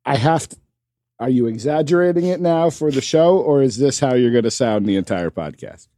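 A man's voice: mid-range voice, lively intonation, moderate pace, mellow, dry recording, studio quality. A man co-hosting a podcast in casual chat, teasing and questioning his co-host with mock formality.

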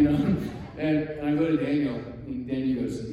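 This sermon comes from a man with a mid-range voice speaking at a moderate pace, who animates his stories by performing the quoted voices. The sound is dull and noisy, captured from far away in an echoey hall.

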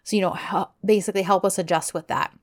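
A woman's voice: fairly even intonation, fast. A woman chatting casually as a co-host, gushing about scenes and exclaiming often. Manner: gushing, exclaims often, acts out lines in higher voice. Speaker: podcast co-host recapping a drama series. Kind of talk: casual chat.

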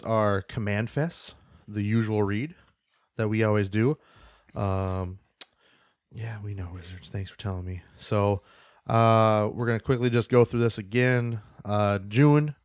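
A man's voice: on the low side, unhurried, no room sound, clean studio sound. Casual, swearing male podcast host. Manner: loose, joking, swears casually. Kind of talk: casual chat reading news.

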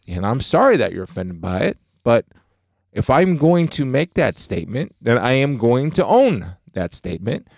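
A man's voice: medium pitch, vocal fry, darkish tone, dry recording, studio quality. A middle-aged man co-hosting a faith podcast, talking earnestly and emphatically about his beliefs. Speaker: podcast co-host.

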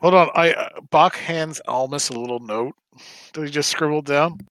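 A man's voice: on the high side, moderate pace, a bit bright, no room sound. Dry-miked joking male player. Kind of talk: playing a tabletop game.

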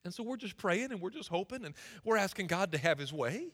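A man's voice: high-pitched, sing-song, fairly quick, a bit bright. A young man preaching a sermon in a church, impassioned, with folksy turns of phrase. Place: church sanctuary. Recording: reverberant hall.

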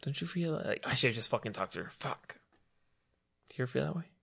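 A man's voice: medium pitch, expressive, fast, vocal fry, pushed and bright, husky. A young man, rambling in casual chat, heavy on "like" and "dude".

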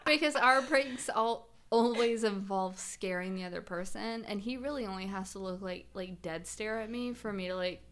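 A woman's voice: medium pitch, moderate pace, hardly any pauses, fairly bright tone. A young woman co-hosting a casual podcast, telling stories in a rambling way with lots of laughter and fillers. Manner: rambling, laughs often, filler-heavy storytelling. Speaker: podcast co-host. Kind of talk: casual chat.

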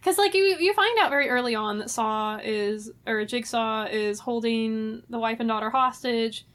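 A woman's voice: a little high, moderate pace, fairly bright tone. A young woman casually recapping a horror movie with friends, talking loosely with lots of filler words. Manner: laid-back, many "like" fillers.

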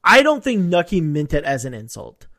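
Male co-host, high pitch, dry close mic, loose profane rambling banter. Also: huge pitch swings, pushed and bright, dry recording. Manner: rambling, profane, quick to laugh. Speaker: podcast co-host. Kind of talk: casual recap chat.

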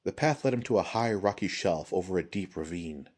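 Low, husky male narrator. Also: expressive, fairly quick, darkish tone. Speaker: audiobook reader. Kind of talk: scripted narration.

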